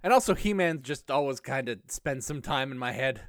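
A man co-hosting a podcast in casual chat, playful and quick to laugh. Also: mid-range voice, lively intonation, no echo, clean studio sound. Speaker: podcast co-host.

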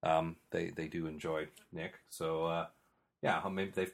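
Low-voiced man hosting a chatty podcast. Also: flat delivery, unhurried, gravelly. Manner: rambling, restarts often, chuckles between remarks. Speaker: podcast host reading listener questions. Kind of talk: casual chat.

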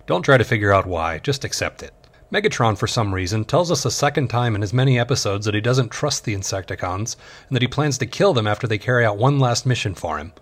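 A man in his thirties narrating a sarcastic comedy review of an old cartoon, with deadpan asides. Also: lowish voice, fast talker.

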